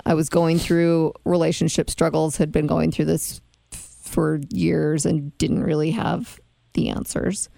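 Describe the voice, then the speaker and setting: Gravelly low-voiced woman host. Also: level tone, unhurried, mellow, no echo. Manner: affirming, reflective. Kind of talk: conversational interview.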